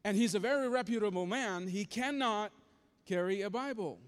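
A man's voice: sits high, normal speed, clear, resonant tone. A man preaching a sermon, telling a story with emphatic, dramatic delivery and re-enacted quotes. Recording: long hall reverb.

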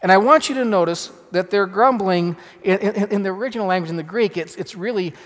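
A pastor preaches in a fairly high-pitched voice, leaning into some phrases and dropping others to a near hush. His voice carries with the long reverberation of a large church hall. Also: brisk. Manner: emphatic, dramatic shifts in loudness. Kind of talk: sermon.

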